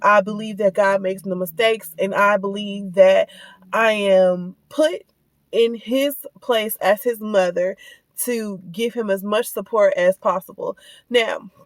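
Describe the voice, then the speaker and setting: A woman, a mother telling viewers a story in a casual rant, animated and full of asides, recorded on a phone in her car. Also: mid-range voice, takes it slowly, dry recording. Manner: animated, lots of asides and direct address to viewers. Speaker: vlogger and mother. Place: in a car, on the way to pick up kids.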